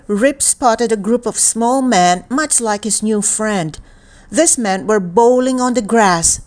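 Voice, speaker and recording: Storybook reader, woman, calm deliberate read-aloud at a very unhurried pace. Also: medium pitch. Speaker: children's book reader.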